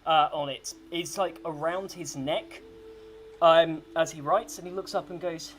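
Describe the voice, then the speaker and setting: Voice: mid-range voice, fairly even intonation, a little slow, faint music behind. A game master narrating a tabletop game in a loose, rambling way. The telling is chatty and peppered with fillers and asides. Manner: casual, rambling, full of ums and likes.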